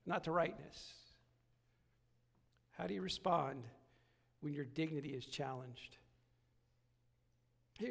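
High-voiced preacher in a reverberant church. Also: male voice, vocal fry. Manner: preaching with repetition, rising to emphatic peaks. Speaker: pastor. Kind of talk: sermon. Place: church sanctuary.

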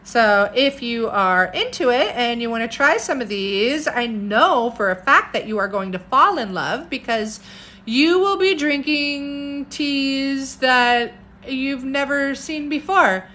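A woman's voice: high-pitched, animated, slow pace, sharp tone. A woman herbalist chatting casually on a live stream, bubbly and talkative, reading out viewer comments. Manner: bubbly, chatty, laughs often, reads viewer comments aloud.

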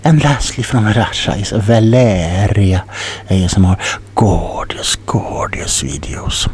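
Whispering softly and slowly, with lively intonation in a lowish voice, a man performs an ASMR role-play as a rambling, muddled tingle salesman who fumbles his words. A slight hiss or hum sits under the audio.

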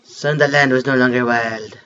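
A man voicing a solemn creature telling a creation myth, in a hushed, dramatic delivery with a mock French accent. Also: mid-range voice, fairly even intonation, moderate pace, muffled recording, slight background noise, voice pushed down, natural voice. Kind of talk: reading game text aloud.

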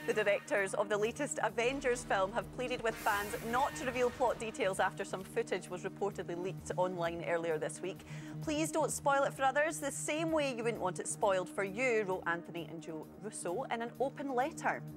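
A woman presenting an entertainment news show, bright and playful. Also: fairly high pitch, lively intonation, normal speed. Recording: music underneath.

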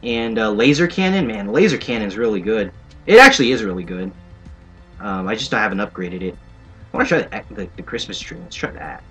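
A young man with a fairly low, expressive voice talks briskly during a shooter let's play. His commentary is sarcastic and playful with joking asides, and faint game music sits behind it.

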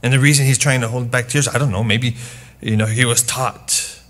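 A man preaching a sermon as pastor, speaking in an intimate, hushed way that sinks to whispers and then swells into forceful emphasis. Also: medium pitch, fairly even intonation, moderate pace, hardly any pauses. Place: church.

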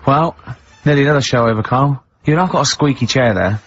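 A man's voice: mid-range voice, quick pace. A man, co-hosting a radio show with teasing, rambling banter and frequent laughs. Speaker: radio co-host. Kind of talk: casual radio banter and storytelling. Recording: dull lo-fi radio broadcast.

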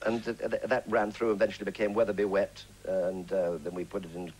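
Veteran English actor in his sixties, deep-voiced raconteur, for a 1980s TV studio interview. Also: fairly quick, low-quality recording. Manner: lively storyteller, breaks into character voices and laughs. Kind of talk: anecdotal chat show interview. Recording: 1980s TV studio, faint hiss.

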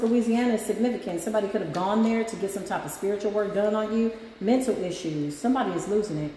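A sassy woman host running a casual tarot-style reading and talking straight to her viewers. Her voice sits at an ordinary middle pitch. The room is echoey with a long ring to it, and a faint hum stays underneath. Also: warm tone. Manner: sassy, chatty, says "child" and "y'all" a lot. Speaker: spiritual reader and channel host.

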